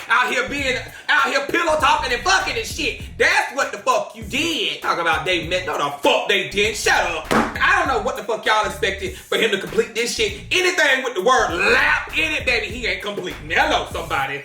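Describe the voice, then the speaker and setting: High, bright, brash male commentator. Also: lively intonation, normal speed, echoey room, soft background music. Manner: brash, profane, theatrical, shouts often. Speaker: host. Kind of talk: drama commentary.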